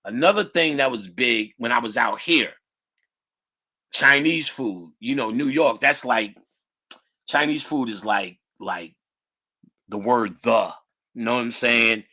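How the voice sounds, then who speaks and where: A middle-aged man telling casual stories in a lively, profane, slangy way, laughing often. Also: mid-range voice, unhurried, pauses often. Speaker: guest storyteller. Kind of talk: casual storytelling.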